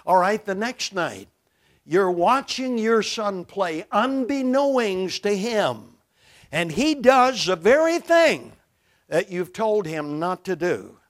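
Emphatic high-voiced older preacher. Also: male voice, very animated, slow pace. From Brooklyn, New York. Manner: emphatic, dramatic swings in loudness. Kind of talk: sermon. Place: church, behind a pulpit.

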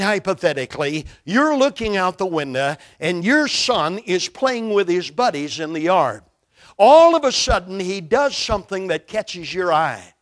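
An older man from Brooklyn, New York, preaching a sermon from a church pulpit with emphatic, dramatic swings between loud and soft. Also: sits high.

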